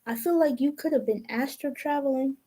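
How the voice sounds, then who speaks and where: A young woman with a mellow, fairly high voice gives a casual tarot reading. She talks slowly and thoughtfully, trailing off mid-sentence and starting over as she works through the cards. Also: rough recording. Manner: slow, musing, trails off and restarts. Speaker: tarot reader.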